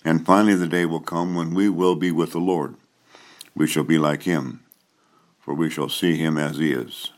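A male pastor preaching and then leading confession, absolution and prayers in a solemn, measured way. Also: rumbling low, fairly even intonation. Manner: solemn, measured liturgical delivery. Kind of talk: sermon and liturgy.

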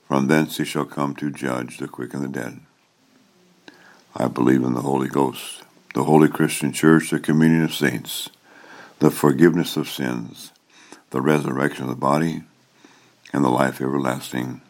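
A man serving as pastor, leading a church liturgy with a solemn, measured cadence. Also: a bass voice, little pitch movement, gravelly.

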